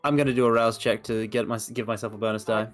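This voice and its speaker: A man's voice: medium pitch, fairly even intonation, fast. Hesitant male tabletop player. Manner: hesitant, thinking aloud about rolls. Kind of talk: casual tabletop play.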